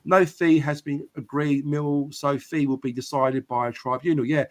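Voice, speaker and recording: Man, podcast host, casual live chat, reads viewer comments, slightly high voice. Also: fairly even intonation, normal speed. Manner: chatty, reads out viewer comments and answers them.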